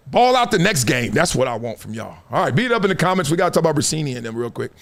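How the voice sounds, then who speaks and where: Animated high-voiced man hosting a sports talk stream. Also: fast talker, creaky. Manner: animated, preachy, slangy. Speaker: show host.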